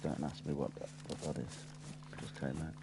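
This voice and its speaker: A man's voice: extremely low pitch, flat delivery, fairly quick, creaky, noisy background. A man in casual voice chat while gaming, making cheeky, dry quips. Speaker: gamer in voice chat.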